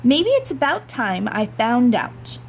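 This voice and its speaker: A determined suburban mother from a read-aloud storybook speaks in brisk, commanding tones, voiced by a woman reader. She sounds lifted and bright against the narration. Her orders leave no room for argument. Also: a little high, sing-song, a little hiss or hum, voice pushed up, full character voice. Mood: firm.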